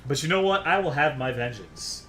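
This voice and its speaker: A man's voice: medium pitch, big pitch swings, normal speed, fairly bright tone, soft background music. A man streaming a game, ranting to his chat in a worked-up, profane way. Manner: profane, worked-up, swears constantly.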